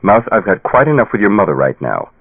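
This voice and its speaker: A man's voice: fairly low pitch, big pitch swings, fast talker, slightly rough, no echo, heavily acted. A man voicing a tired, patient father pleading with his daughter in an audiobook. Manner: pleading, patient, sometimes stern. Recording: tinny phone-like dry sound.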